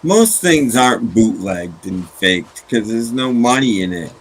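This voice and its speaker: A man's voice: lowish voice, very animated, unhurried, a crowd in the background, rough recording. A man in casual group chat who answers bluntly with emphatic denials.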